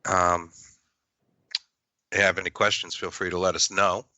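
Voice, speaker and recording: Low-voiced guy from massachusetts hosting a ghost podcast, rambly, dull dry lo-fi sound. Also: flat delivery, moderate pace, pushed and bright, dry recording. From Massachusetts, USA. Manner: rambling, with frequent fillers. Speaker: paranormal podcast host. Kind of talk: casual podcast chat.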